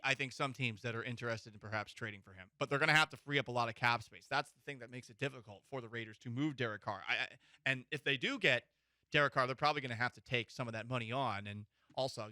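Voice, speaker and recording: A man hosting a sports radio show, opinionated and quick to joke. His voice is bright and forward, recorded dry in a studio with faint music under him. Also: medium pitch, no echo. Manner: opinionated, joking.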